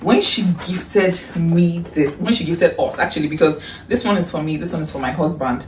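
A woman with a Nigerian accent chatting in a casual haul vlog, excitable and gushing, breaking into shrieks and breathy exclamations. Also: on the low side, normal speed. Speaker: vlogger. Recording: echoey room, distant mic, faint hiss.

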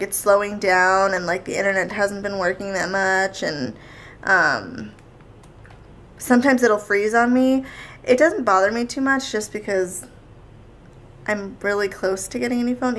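A young woman vlogging in casual chat, talkative and quick to argue. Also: mid-range voice, a bit bright. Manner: chatty, argumentative, quick back-and-forth.

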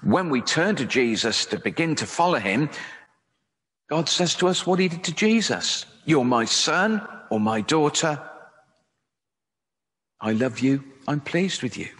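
A man preaching a sermon, speaking slowly and gently with soft, reflective pauses. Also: on the high side, sing-song. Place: church. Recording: church hall reverb.

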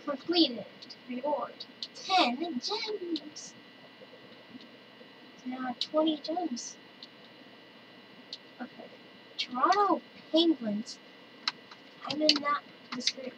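A woman chatting excitedly through her own gameplay and calling out to other players. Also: high-pitched, extremely slow, long pauses. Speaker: let's-play gamer. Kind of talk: casual gameplay commentary. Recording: distant mic with loud noise.

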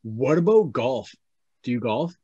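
A man's voice: mid-range voice, big pitch swings, a little slow, dark tone, breathy edge, no room sound, muffled recording. Laid-back male podcast host, dry sound. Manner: laid-back, laughs easily, swears casually. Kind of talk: casual chat.

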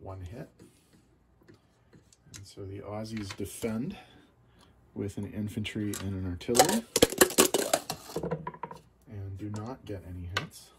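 Gravelly man calling board game dice rolls. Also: fairly low pitch, slow, long pauses. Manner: steady, methodical, calls each dice roll. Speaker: board game player narrating his game. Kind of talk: play-by-play board game commentary. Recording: loud background noise.

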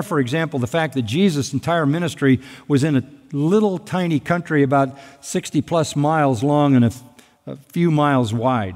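A man preaching an expository sermon as pastor, emphatic and fond of repeating key phrases. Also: on the high side. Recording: hall reverb.

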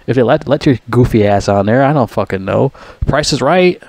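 A man tears into a show in a loose, profane rant, repeating himself and stumbling as he mocks the people on it. His voice sits at an ordinary pitch. The sound is dry and close, with no room around it. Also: lively intonation, a little fast, darkish tone, no room sound. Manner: profane, mocking, puts on whiny voices. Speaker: vlogger. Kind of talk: ranting commentary.

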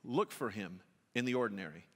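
A middle-aged man preaching a sermon as pastor, telling a lively story and then speaking softly and intimately to the congregation. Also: lowish voice, fairly quick. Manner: animated storytelling that drops to a soft, intimate appeal. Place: church sanctuary. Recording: long church hall reverb.

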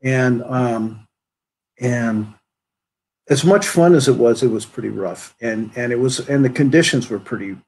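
A man with a husky, slightly rough voice tells stories in a relaxed conversation. He is animated and keeps the tale moving with plenty of "you know" between thoughts. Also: medium pitch, a little slow. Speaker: guest musician. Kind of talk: casual conversation.

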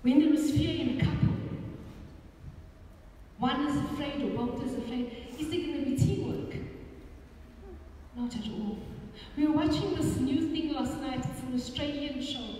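A South African woman preaching a sermon as a pastor, animated and repeating phrases for emphasis. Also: high-pitched, normal speed, long pauses. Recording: echoey hall from far off, faint room noise.

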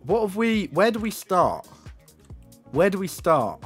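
A young man, live-streaming and teasing viewers in excitable, joking banter. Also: sits high, measured pace, husky, soft background music. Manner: teasing, excitable, swears and laughs often. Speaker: livestreamer. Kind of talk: casual live-stream commentary.

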